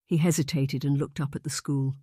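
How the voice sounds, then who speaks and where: A man narrating a historical romance audiobook in a measured, even storytelling manner. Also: mid-range voice, slightly rough, no echo, clean studio sound. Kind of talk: scripted narration.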